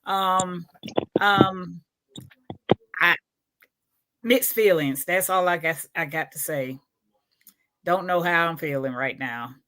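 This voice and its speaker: A woman's voice: on the low side, slow pace, long pauses, pushed and bright. A woman co-hosting a casual sports chat on a video call from her kitchen, speaking in short, laughing replies. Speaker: co-host. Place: home kitchen.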